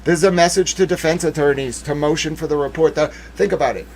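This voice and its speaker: A man giving casual, rambling legal commentary on a stream, animated, with jokey asides and mock voices. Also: fairly high pitch, quick pace, a little hiss or hum.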